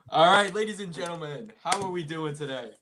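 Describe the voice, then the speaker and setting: A teenage man co-hosting a live podcast, playful and quick to laugh. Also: fairly high pitch, lively intonation, bright, forceful tone. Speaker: podcast co-host. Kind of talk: casual live-stream chat.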